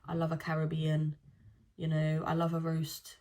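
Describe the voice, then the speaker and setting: Low-voiced young woman. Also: completely flat delivery, moderate pace, a little mellow. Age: 20s. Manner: chatty storytelling with slang. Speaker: vlogger. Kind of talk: casual chat.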